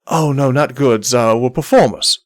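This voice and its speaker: A smooth-talking male ship captain and performer, voiced by a man, all bows and flattery. His courtly phrases come out with small stumbles and repeated words, at an ordinary middle pitch. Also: natural voice. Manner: courtly, ingratiating, halting with repeats.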